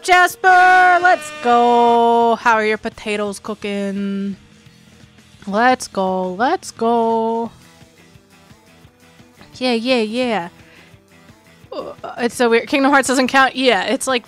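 A woman streamer rambles casually to her chat, quick to laugh and full of asides. Her voice sits in a middle register. Faint music runs underneath. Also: medium pitch, fairly bright tone.

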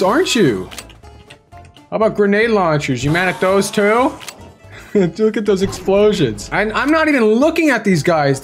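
A young man hosting a gaming channel, giving excitable, playful, kid-friendly commentary on his Minecraft gameplay and taunting the enemies as he fights. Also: high-pitched.

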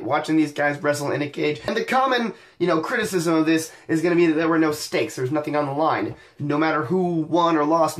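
A young man hosting a wrestling show recap, talking energetically with wisecracks and sudden excited outbursts. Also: fairly high pitch. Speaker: wrestling podcast host.

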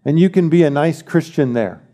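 A man's voice: on the high side, animated, moderate pace, mellow. A man preaching a sermon as pastor, emphatic, repeating key phrases and asking the congregation questions.

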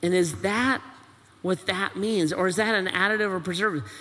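Male pastor, high bright voice, questioning sermon delivery, church-hall reverb. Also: normal speed. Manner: preaching with rhetorical questions and quoted voices, animated. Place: church auditorium.

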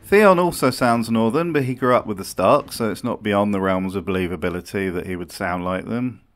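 A man hosts a scripted comedy commentary with dry, sardonic asides. His voice sits fairly low, and faint music plays behind him. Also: a little fast. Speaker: video host.

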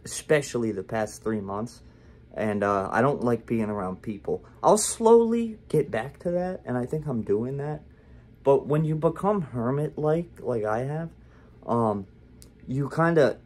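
A man's voice: mid-range voice, darkish tone. A young man talking candidly to the camera in a casual vlog, rambling with lots of fillers and restarts. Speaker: vlogger.

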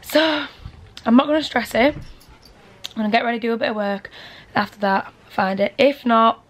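A woman's voice: fairly high pitch, normal speed. Chatty young Northern English woman vlogging. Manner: chatty, rambling, filler-heavy. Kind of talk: casual vlog chat.

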